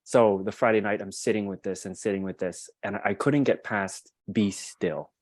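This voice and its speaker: A young adult man, a guest on a podcast, tells a personal story in an earnest, reflective way, often restarting his sentences. His voice is fairly low, darkish and steady, at a normal speed, and the recording is dry.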